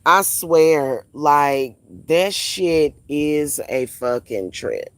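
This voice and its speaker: A woman who is a spiritual reader and vlogger rants casually at home, blunt and profane, repeating phrases for emphasis. Her voice is low, smooth, and extremely slow, with no room sound.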